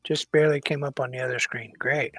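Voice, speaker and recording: A man's voice: medium pitch, fairly even intonation, fast talker, a bit bright, breathy edge. A man in his fifties co-hosting a casual chat over a video call, talking in a dry, teasing way. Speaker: co-host.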